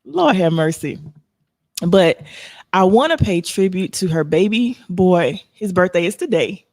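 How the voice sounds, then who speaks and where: A woman hosting a live podcast in casual chat, emotional and expressive. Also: fairly low pitch, unhurried, no room sound, studio quality. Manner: emotional, expressive, laughs often. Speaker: podcast host.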